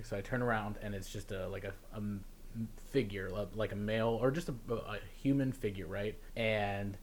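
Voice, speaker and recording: A young man telling a story in casual chat, laughing often and mimicking officials in a lower, quieter voice. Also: moderate pace, slight background noise.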